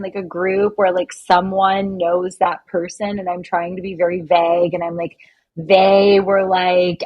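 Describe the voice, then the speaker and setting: A woman's voice: fairly low pitch, husky, low-quality recording. A woman who works with clients, talking in casual podcast chat, thoughtful and hedging with many fillers.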